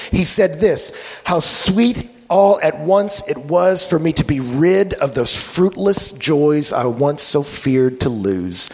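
A man preaching a sermon as pastor, animated, swinging from loud bursts to hushed tones. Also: high-pitched, creaky, long reverb tail.

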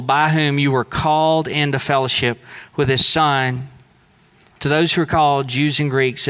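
Earnest, emphatic male preacher with a bright voice. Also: medium pitch, smooth. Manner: earnest, emphatic, slowing down to stress key phrases. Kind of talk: sermon.

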